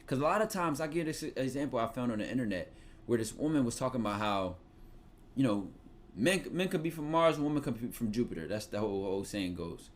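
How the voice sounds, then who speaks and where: A man's voice: medium pitch, brisk. A man with a Philadelphia accent giving casual advice in loose, slangy talk with swearing. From Philadelphia, USA. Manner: loose, slangy, profane, animated storytelling. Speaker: podcast host giving advice.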